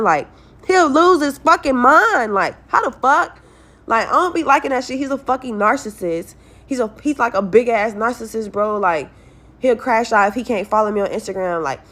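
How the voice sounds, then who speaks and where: A young woman venting about her life to her viewers in a casual story-time video, blunt, stressed and full of swearing. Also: mid-range voice. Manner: blunt, heavily profane, talks straight to viewers. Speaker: vlogger telling a personal story.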